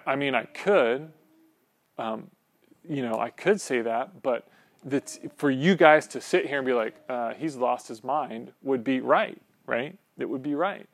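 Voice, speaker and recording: A man's voice: mid-range voice, gravelly, no room sound. A man teaching a small Bible class in a church room, talking informally and often checking in with "right?" between his points. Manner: conversational, peppered with "right?" tags and restarts.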